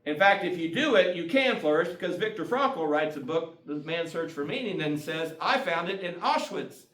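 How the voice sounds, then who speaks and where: A folksy man gives a casual talk at a community meeting and often chuckles as he makes his points. His voice sits a little high and is picked up from some distance. The room echoes, and soft guitar music plays behind him. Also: normal speed. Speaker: guest speaker.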